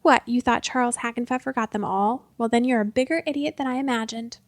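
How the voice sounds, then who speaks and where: A woman voicing a fiery, pointy-eared magical young woman who scolds and yells with a sharp tongue. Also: a little high, a little fast, dry recording, close to an everyday voice. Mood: scornful.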